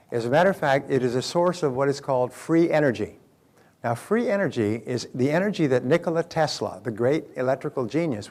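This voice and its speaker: A man's voice: mid-range voice, a little mellow. Man giving a conversational motivational talk. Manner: conversational, anecdotal, addresses the audience directly. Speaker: motivational speaker.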